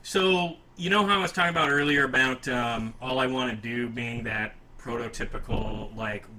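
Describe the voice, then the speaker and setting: A man's voice: mid-range voice, moderate pace, bright, forceful tone, poor audio. A man hosting a casual music podcast, talking in a rambling, enthusiastic and self-deprecating way. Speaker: podcast host.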